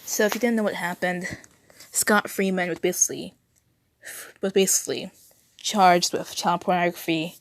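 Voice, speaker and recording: A woman's voice: lowish voice, fairly even intonation, moderate pace, pauses often, dry recording. A young adult woman reading text aloud, often tripping over words and correcting herself, with exasperated asides. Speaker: video creator.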